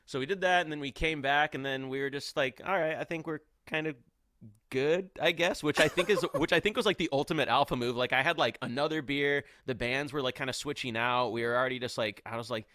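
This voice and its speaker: A man's voice: mid-range voice, fairly quick, sharp tone, dry recording. A young man telling a long, rambling story on a podcast, filling it with "like" and acting out what people said. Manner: rambling, heavy on "like", acts out quotes. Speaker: podcast guest. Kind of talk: casual storytelling.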